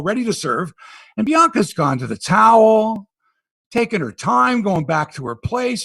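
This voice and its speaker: A Canadian man hosting a casual sports podcast, telling stories with animated tangents. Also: high-pitched, vocal fry, slightly rough, dry recording. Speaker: podcast host.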